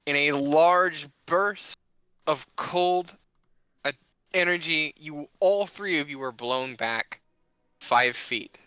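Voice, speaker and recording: A man running a tabletop game as game master, narrating slowly and deliberately. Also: on the high side, bright, forceful tone, clean tone, no room sound.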